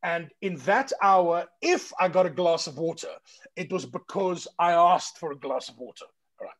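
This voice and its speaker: A man's voice: high voice, normal speed. A South African man, a stage actor guest, telling stories in casual chat and acting out dialogue, swearing freely. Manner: lively raconteur, swears freely, acts out dialogue. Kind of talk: animated storytelling in casual chat.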